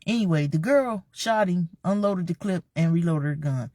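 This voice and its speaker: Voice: mid-range voice, moderate pace, no echo. Gossipy storyteller with a dry, close sound. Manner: animated, gossipy, exclamatory asides. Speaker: commentary channel host. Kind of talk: casual storytelling commentary.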